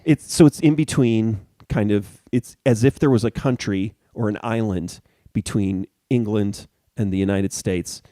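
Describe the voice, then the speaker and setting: A man with a lowish, mellow voice talks through a casual podcast chat. He wanders, restarts sentences and hunts for names as he goes. The sound is dry and close. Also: measured pace, no echo. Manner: rambling, searching for words, many restarts. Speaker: podcast co-host.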